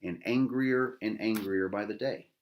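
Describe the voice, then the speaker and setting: A man's voice: fairly low pitch, a little slow. Angry, profane veteran man ranting. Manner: bitter, profane, repetitive, with rhetorical tags. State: agitated, angry. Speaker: veteran podcast host. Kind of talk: angry personal rant.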